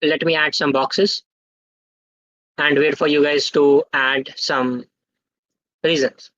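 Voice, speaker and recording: A man's voice: on the high side, fairly even intonation, slow, a bit bright, no room sound. A young man gives a live online lesson and keeps pulling the chat into the discussion. He constantly checks in with "okay?" as he explains. The sound is dry and a little muffled, like a computer mic on a video call. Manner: interactive, quizzes the chat, tags sentences with "okay?". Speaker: guest speaker at a student tech workshop. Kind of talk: live online teaching session.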